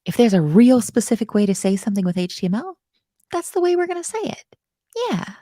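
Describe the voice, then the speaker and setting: A woman's voice: medium pitch, big pitch swings, brisk, mellow, no room sound. Bubbly woman teaching code. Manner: bubbly, self-mocking, with murmured asides. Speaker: coding instructor. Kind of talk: live coding lesson.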